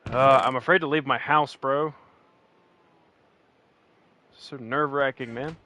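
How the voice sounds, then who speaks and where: Guy streaming a game, really bright voice, chatty and rambly, laughs a lot. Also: medium pitch, fairly even intonation, a little slow, slight background noise, rough recording. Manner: rambling, laughs often, talks back to chat. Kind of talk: casual chat while playing and reading chat.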